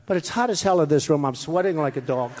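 A man's voice: on the high side, fast, darkish tone. A man giving an off-the-cuff campaign speech to a rally audience, boastful and rambling, repeating his phrases and mocking his critics. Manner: mocks his critics in quoted voices. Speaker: political candidate addressing a rally. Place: hot crowded room with an audience. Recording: echoey hall, faint crowd.

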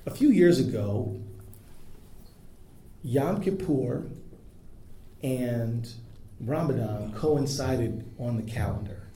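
A man's voice: medium pitch, expressive, slow, pauses often, dark tone. A man giving an earnest, emphatic public speech at an interfaith event. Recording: echoey room with faint noise.

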